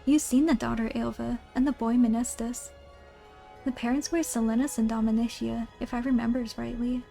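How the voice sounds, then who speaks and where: A woman voicing a boastful male thief who talks in rough, folksy slang. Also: fairly high pitch, fairly even intonation, normal speed, mellow, soft background music. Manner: ungrammatical folksy thief talk.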